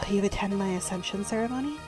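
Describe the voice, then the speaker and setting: A woman's voice: mid-range voice, rapid-fire, music in the background, lightly acted. A woman reading an earnest young lord. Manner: earnest, plain reading of game dialogue.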